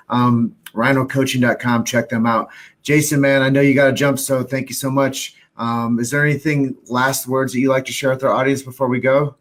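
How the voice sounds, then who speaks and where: A man hosting a live podcast, talking in a laid-back way with many fillers as he wraps up the show. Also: medium pitch. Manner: laid-back, filler-heavy, promotional sign-off. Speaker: podcast host. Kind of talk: casual live podcast chat.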